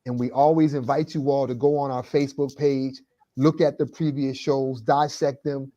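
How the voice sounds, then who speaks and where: A man's voice: mid-range voice, little pitch movement, normal speed, dark tone, lo-fi sound. A man hosting a talk show, speaking earnestly and stacking phrases for emphasis. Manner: emphatic, builds lists for emphasis. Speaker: host.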